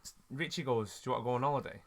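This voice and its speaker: A man's voice: mid-range voice, rapid-fire. A man, hosting a podcast and telling a rambling, sweary story with frequent laughs. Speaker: podcast host. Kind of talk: casual storytelling chat.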